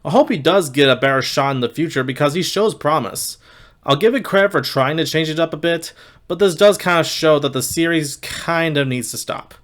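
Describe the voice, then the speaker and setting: Young male film reviewer with a slightly raised pitch and a candid, wry delivery. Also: a little fast, a bit bright. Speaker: movie reviewer. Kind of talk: casual video review.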